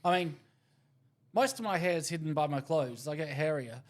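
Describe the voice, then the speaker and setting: A man's voice: fairly high pitch, expressive, normal speed. A man co-hosting a crude comedy podcast, reading out jokes, swearing and laughing at his own punchlines. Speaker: podcast co-host.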